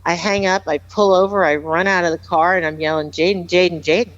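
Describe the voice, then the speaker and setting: A woman's voice: on the low side, steady tone, a little fast, no echo, muffled recording. A woman guest on a podcast, earnestly telling a personal story with emphatic repeats. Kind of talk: heartfelt storytelling, casual chat.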